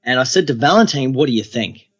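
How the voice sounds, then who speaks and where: A man, a guest on an interview podcast, telling adventure stories in a relaxed, steady way. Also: mid-range voice, fast, slightly rough, highs cut off.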